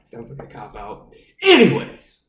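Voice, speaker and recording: A man's voice: on the low side, moderate pace, far from the mic. Ranting, swearing podcast guy in echoey room. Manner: rambling, heated, swears constantly. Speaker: podcast co-host. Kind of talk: casual profane podcast banter. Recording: echoey room, voice off-mic, faint noise.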